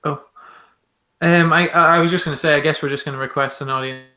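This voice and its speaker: Bright-voiced hesitant male player. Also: a little high, steady tone, quick pace. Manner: hesitant, laughs often. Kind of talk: playing a tabletop game.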